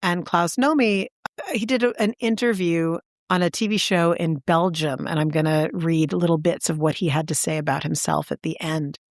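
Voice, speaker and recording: A woman with a lowish voice tells a story in casual chat, eager and animated. She jumps up in pitch to stress her words. The recording is dry and close. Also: normal speed, no room sound. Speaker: podcast co-host.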